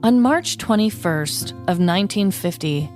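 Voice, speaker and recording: A woman's voice: medium pitch, animated, a little slow, a little mellow, faint music behind. A woman co-hosting a podcast, switching between scripted narration full of puns and casual, giggly chat. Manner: pun-laden storytelling, chatty and giggly. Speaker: podcast co-host.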